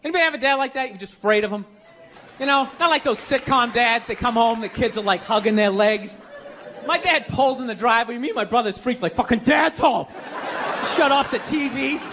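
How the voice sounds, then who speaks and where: A man doing a stand-up comedy routine on a theater stage, ranting loudly and acting out voices of other people. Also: extremely high pitch, fast talker, noisy background. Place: theater stage before a live audience. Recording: live theater recording with crowd laughter.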